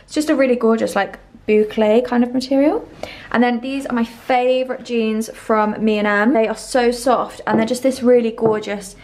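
A young woman, gushing and chatty as she vlogs. Her voice sits a little high, with a slightly breathless, excited edge. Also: moderate pace. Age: 20s. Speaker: lifestyle vlogger. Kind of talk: casual vlog tour and outfit chat.

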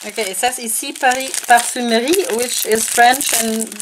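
A woman vlogger chatting casually and gushing excitedly as she unpacks a nail polish haul at home, full of fillers. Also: a little high, moderate pace, noisy background. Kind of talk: casual unboxing haul chat.

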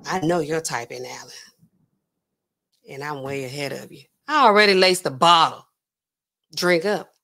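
A woman's voice: gravelly, fairly bright tone. A woman doing a smug, scheming male mogul. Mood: taunting. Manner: taunting, drawn-out, low and mocking.

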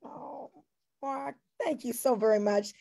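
A high-voiced woman with a gravelly, fry-laden edge hosts a tribute over a video call. She sounds teary and moved as she thanks each speaker and introduces the next. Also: takes it slowly. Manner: tearful, emotional, warm thanks. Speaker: host. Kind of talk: emotional tribute gathering.

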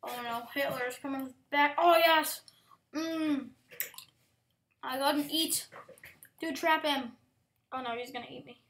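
A woman giving casual gaming commentary, excitable, with frequent exclamations and whispered asides. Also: sits high, measured pace, pauses often, a little hiss or hum. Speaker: gameplay commentator.

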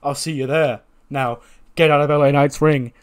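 Man doing a brash, loud-mouthed wrestler. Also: fairly high pitch, fairly even intonation, moderate pace, clean tone, close to an everyday voice. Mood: cocky. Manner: cocky, loud trash talk. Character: brash loudmouth male wrestler who calls himself a megastar.

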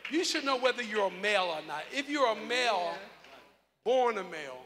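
A male pastor preaching a live sermon, calling on congregation members by name and breaking into loud shouts. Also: sits high, big pitch swings, normal speed, slight background noise. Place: large church hall. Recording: live in a reverberant hall with congregation.

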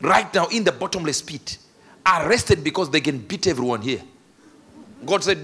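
A male preacher delivering a dramatic storytelling sermon that builds up to shouted declarations. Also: on the high side, expressive, moderate pace, husky.

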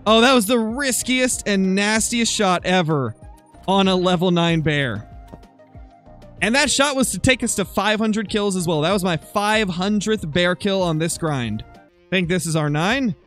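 A young man commentating his hunting game live on stream, excitable and quick to swing into loud frustration. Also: high voice, faint music behind. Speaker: gaming streamer.

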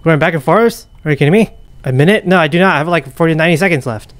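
A young man commentating a horror game as he plays, muttering, whispering and panicking with rapid repeats. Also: a little high, fairly bright tone, no echo. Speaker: gaming YouTuber. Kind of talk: live gameplay commentary.

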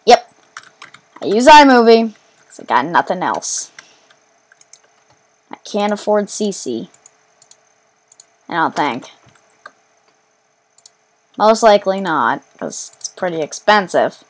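A woman giving let's play commentary while gaming, excitable, rambling and quick to mock herself. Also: medium pitch. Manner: excitable, self-mocking, rambling. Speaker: gamer.

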